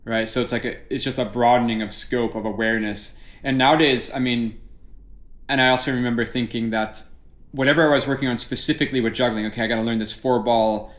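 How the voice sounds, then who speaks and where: A man's voice: medium pitch, fairly bright tone. A middle-aged male juggler in casual conversation, reflecting on learning skills at length. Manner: reflective, explains ideas at length. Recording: roomy echo.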